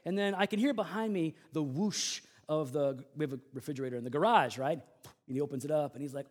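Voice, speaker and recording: High-voiced pastor preaching with animated storytelling. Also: male voice, fast. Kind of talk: sermon with personal story.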